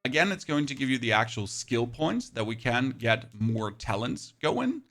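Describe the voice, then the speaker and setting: A man with a German accent narrates his gameplay with eager, rapid calls of each move. His voice carries a gravelly fry at a middle pitch. He is a gaming video host walking viewers through what he plays. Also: sing-song, fairly bright tone. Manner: enthusiastic, rapid play-by-play calls. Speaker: gaming youtuber. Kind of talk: gameplay commentary.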